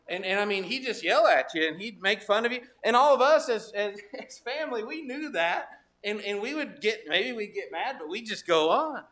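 A middle-aged male pastor delivers a sermon in a loose, conversational storytelling way, circling back with restarts and asides. His voice sits high for a man and rings bright. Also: expressive, moderate pace, hardly any pauses.

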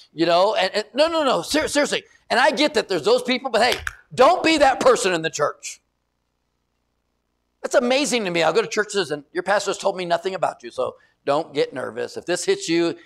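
A middle-aged male pastor preaching a sermon, telling stories with loud emphasis and quiet asides. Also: sits high, vocal fry. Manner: animated storytelling, shifts between loud emphasis and quiet asides.

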